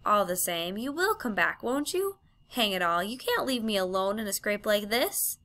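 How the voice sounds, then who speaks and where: Storybook schoolboy, earnest and pleading, bright and a bit gravelly; woman narrator doing the voice. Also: sing-song, moderate pace. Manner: earnest and pleading, rising to higher outbursts. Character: anxious, pleading young British schoolboy.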